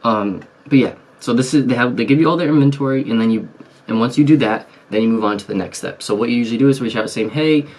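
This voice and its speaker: A man's voice: mid-range voice, quick pace, a little mellow. A man casually explaining an online selling method to his viewers, rambling with frequent fillers and restarts. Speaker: YouTube business vlogger. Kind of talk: casual tutorial chat.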